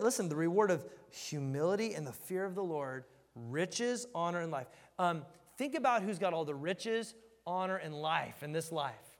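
Male preacher, 30s, high and light voice, conversational joking Bible teaching, long hall reverb. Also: normal speed. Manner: conversational, joking, animated storytelling. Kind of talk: casual verse-by-verse Bible teaching.

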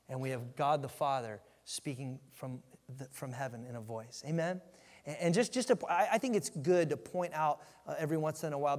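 A man preaching with emphatic, animated delivery and a somewhat raised pitch. He often restarts his sentences, and his voice carries a long reverb from a large church hall. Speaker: pastor. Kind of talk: sermon.

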